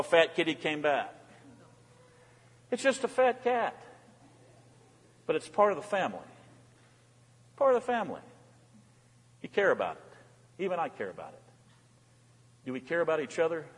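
A male pastor preaching an animated sermon, swinging between hushed asides and loud exclamations. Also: medium pitch, slightly rough. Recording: long hall reverb.

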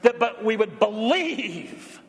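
A male pastor preaching a sermon, emphatic, moving between loud proclamation and quiet asides. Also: high-pitched, lively intonation, takes it slowly, big-room sound.

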